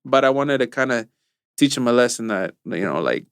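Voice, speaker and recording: A young man from Mexico, co-hosting a casual podcast, tells stories from work while mixing in Spanish phrases. His medium-pitched voice is clean, fairly quick, and lively in intonation, in a dry, studio-quality recording.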